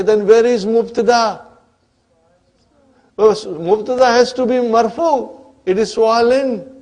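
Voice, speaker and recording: A man's voice: sits high, darkish tone. A man teaching an Arabic grammar class, often checking in with the students and answering his own questions. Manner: keeps checking in with the class, asking "huh?" and "are you with me?"; asks the students questions and then answers them himself. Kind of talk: classroom lecture.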